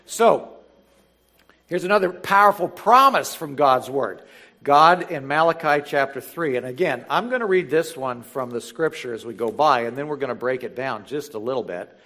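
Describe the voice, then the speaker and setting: A man preaching a sermon, reading scripture slowly and building to emphatic, animated exhortation. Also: a little high. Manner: reads scripture slowly and deliberately. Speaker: pastor.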